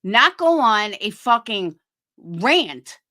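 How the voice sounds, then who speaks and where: A woman's voice: medium pitch, sing-song, slow, sharp tone. A woman hosting a livestream and ranting angrily, with heavy swearing and a sarcastic edge. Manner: heated, profane, sarcastic. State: fighting cancer. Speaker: livestream host. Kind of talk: angry livestream rant.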